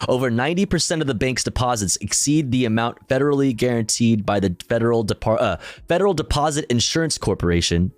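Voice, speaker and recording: A man's voice: medium pitch, dry recording. A male streamer casually reading news articles aloud and commenting, profane and self-deprecating, often stumbling over his words.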